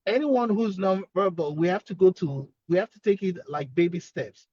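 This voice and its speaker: Male speech therapist, earnest explainer, higher voice, dull dry sound. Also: mellow, no room sound. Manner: earnest, explanatory, repeats key points. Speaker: speech-language pathologist guest. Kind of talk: expert explaining on a webinar.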